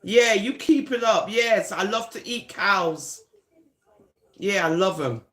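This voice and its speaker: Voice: medium pitch, fairly bright tone. A speaker from Jamaica, delivering a teasing, taunting comic monologue and drawing words out. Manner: teasing, sing-song, drawn-out words.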